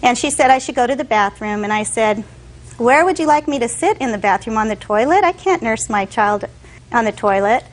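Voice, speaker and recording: A woman's voice: fairly high pitch, animated, fairly quick, rough recording. A woman testifying in court, telling her story animatedly and acting out what others said. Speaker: defendant.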